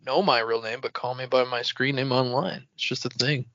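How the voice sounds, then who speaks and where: A man's voice: medium pitch, fairly even intonation, moderate pace, a bit bright, a little hiss or hum. A man co-hosting a podcast, chatting casually about a book and laughing often. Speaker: podcast co-host. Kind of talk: casual book-club chat. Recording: dull, dry home-mic sound.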